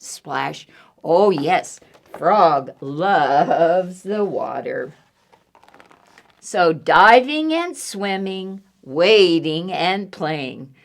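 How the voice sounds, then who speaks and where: A woman librarian leading a children's storytime, reading in a sing-song way and making animal sounds. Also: mid-range voice.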